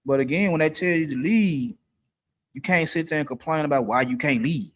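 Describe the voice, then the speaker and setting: A man's voice: on the high side, a little fast. A middle-aged man, hosting a live stream and giving blunt dating advice, repeating his points for emphasis. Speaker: livestream host.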